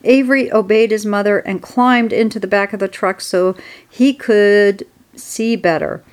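Woman, storybook read-aloud, steady expressive narration, mid pitch. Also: measured pace, clean tone.

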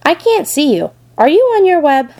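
A woman's voice: high-pitched, big pitch swings, normal speed, a little mellow, pitched above the performer's own voice. A woman voicing an anxious, pleading young male pig in a storybook reading.

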